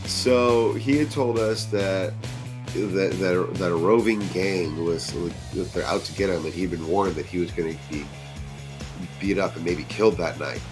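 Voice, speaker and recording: A man with a fairly low voice tells a true story in a casual, conversational way. He is lively and jumps into other people's lines with a raised voice. Soft music plays faintly behind him. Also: moderate pace. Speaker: podcast guest storyteller.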